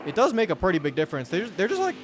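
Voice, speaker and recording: A man's voice: high voice, wildly swooping pitch, racing. A man commentating his own racing gameplay, rambling and cutting himself off as he rants in frustration. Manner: rambling, self-interrupting, exasperated rants. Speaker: gaming channel host. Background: game music and car engine sounds.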